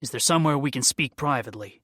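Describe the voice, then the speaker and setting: A man voicing a police detective who asks questions in a brisk, matter-of-fact way, in an audiobook. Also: mid-range voice, a bit bright, breathy edge, no room sound, studio quality. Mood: businesslike. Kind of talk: audiobook character voice.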